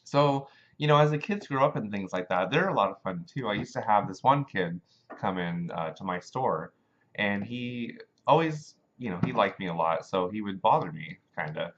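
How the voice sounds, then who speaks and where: Animated man rambling in a monologue. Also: fairly low pitch, normal speed, highs cut off. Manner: animated, rambling, with many fillers. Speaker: show host. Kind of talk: casual monologue.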